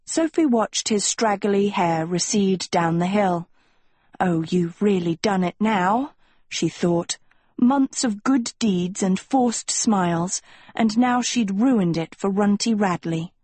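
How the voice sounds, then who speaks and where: A woman narrates a storybook at a slow, unhurried pace. Her voice is slightly breathy and husky, heard close and dry with no room sound. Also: mid-range voice, darkish tone, dry recording. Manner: measured storytelling. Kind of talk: audiobook narration.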